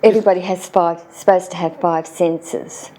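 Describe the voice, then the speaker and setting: An Australian woman telling childhood stories in a relaxed interview, lifting her voice when quoting her younger self. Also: on the low side, moderate pace. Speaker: interview guest. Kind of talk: storytelling in casual conversation.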